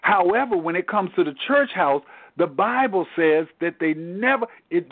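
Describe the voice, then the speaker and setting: High-voiced man preaching over a tinny phone line. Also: no echo. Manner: earnest preaching, repeats words as he restarts. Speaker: Bible study teacher. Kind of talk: teaching over a phone Bible study. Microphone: telephone.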